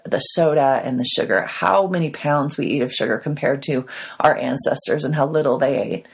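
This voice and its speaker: A woman with a low, husky voice gives an earnest personal testimony as a guest on a faith podcast. Her speech carries a gravelly edge as she talks reflectively about her own recovery, speaking as a health coach.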